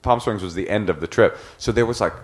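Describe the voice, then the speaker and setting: Animated man telling a wild story. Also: fairly low pitch, quick pace, background noise. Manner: animated storyteller, bursts into shouted impressions. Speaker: podcast guest, film director. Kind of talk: casual storytelling chat.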